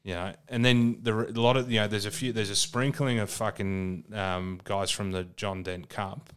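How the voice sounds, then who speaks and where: A middle-aged Australian man talks rugby on a casual podcast, blunt and laid-back and swearing freely. His voice sits low and comes through smooth and clear, with an easy, unhurried delivery. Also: steady tone, a bit bright. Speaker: podcast co-host. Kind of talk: casual sports chat.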